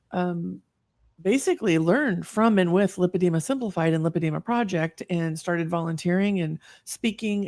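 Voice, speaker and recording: A woman's voice: lowish voice, a little mellow, no echo, studio quality. A woman in her fifties, a guest telling her personal story in an earnest, reflective way, with many fillers and restarts. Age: 50s. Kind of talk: personal story in an online talk.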